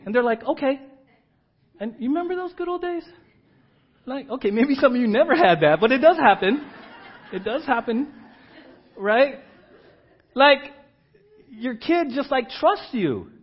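A male pastor preaching a sermon, moving between loud emphatic repeats and hushed asides. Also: very high voice. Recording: dull lo-fi church recording.

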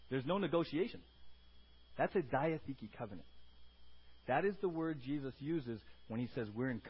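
A man with a slightly husky, fairly high voice preaches a sermon. His pitch ranges widely as he shifts from loud, emphatic teaching to soft, quiet asides and prompts the congregation to answer. The recording sounds dull and lo-fi. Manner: asks the congregation for responses. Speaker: pastor.

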